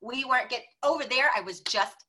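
A woman guest telling stories in a casual interview, animated and acting out the voices she quotes. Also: a little high, a little fast, rough recording.

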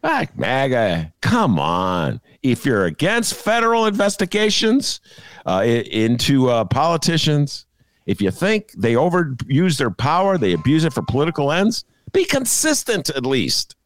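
A man hosting a political talk show, his voice leaping high and dropping low as he rants with sarcasm. He chuckles at his own jokes. The recording is dry and close. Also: wildly swooping pitch, measured pace, no echo. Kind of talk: opinionated political chat.

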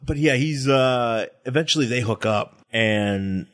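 A man's voice: medium pitch, unhurried, fairly bright tone. A man co-hosting a podcast, chatting casually in a rambling, joking way with frequent restarts. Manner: rambling, restarts often, jokey. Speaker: podcast co-host. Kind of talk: casual chat.

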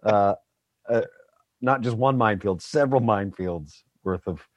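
A male voice actor tells stories about his work in a casual, self-deprecating way. His voice is lowish and the recording is dry, with no room sound. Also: moderate pace, no echo. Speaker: guest voice actor. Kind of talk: casual interview chat.

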